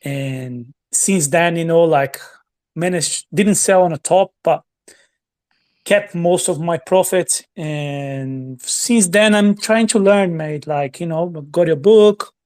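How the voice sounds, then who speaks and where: A man's voice: on the high side, slow, darkish tone. A man calling in to chat, friendly and rambling. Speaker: caller. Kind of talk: casual call-in chat.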